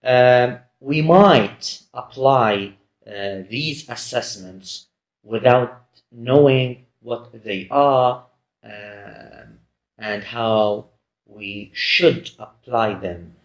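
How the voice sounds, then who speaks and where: A man's voice: medium pitch, extremely slow. A man giving a recorded lecture, hesitant and full of fillers and restarts. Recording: roomy echo.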